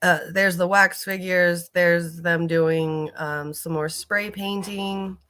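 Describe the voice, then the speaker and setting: A woman with a bright, slightly low voice talks through videos in a casual reaction commentary. She rambles and fills her sentences with ums and likes, and swears casually. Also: fairly even intonation, takes it slowly.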